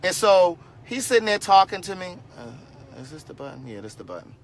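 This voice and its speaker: A man in his forties telling a story to his viewers in a casual livestream, animated and sassy, with frequent asides. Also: high-pitched, a little fast, gravelly, slight background noise. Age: 40s.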